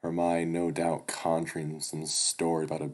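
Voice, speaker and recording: A man's voice: sits low, little pitch movement, moderate pace. A man reading a visual novel aloud with wry, swearing asides. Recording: loud background music.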